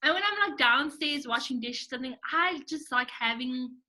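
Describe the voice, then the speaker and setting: Young woman, podcast co-host, very high and piercingly bright, emphatic casual chat. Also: lively intonation, normal speed. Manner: emphatic, opinionated, frequent "like".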